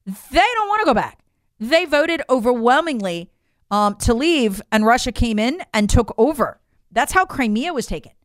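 A woman's voice: on the high side, big pitch swings, moderate pace, dry recording, studio quality. A woman delivering an opinionated political monologue to her audience, emphatic and incredulous, often addressing listeners as folks. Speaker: political commentator.

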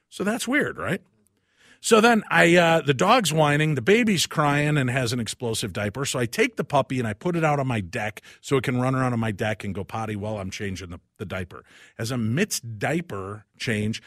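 A man guest-hosting a talk radio show, telling a personal story in an animated way and acting out each person's lines. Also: mid-range voice, dry recording, clean studio sound.

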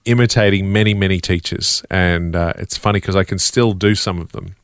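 A man's voice: low-pitched, steady tone, a little fast, smooth, no echo, clean studio sound. A man, a comedian chatting casually in an interview. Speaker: impersonator and comedian.

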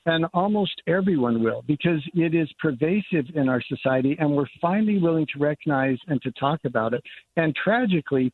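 A man's voice: on the high side, a little hiss or hum. Older man on a tinny phone line. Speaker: congressman, guest. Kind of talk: radio interview by phone.

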